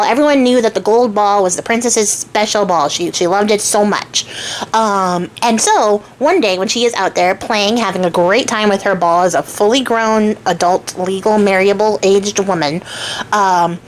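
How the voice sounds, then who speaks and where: A woman with a fairly high voice retells a fairy tale in casual, chatty storytelling. She drifts into joking asides and digressions, and a faint hiss hangs behind her. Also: rough recording. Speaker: crafter retelling fairy tales.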